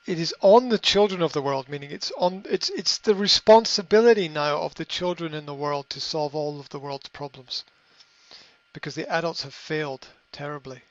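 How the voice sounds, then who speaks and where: A middle-aged man hosting a podcast, giving a motivational monologue in a halting way, repeating words and filling pauses with ums. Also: on the high side. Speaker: podcast host. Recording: slightly dull lo-fi audio.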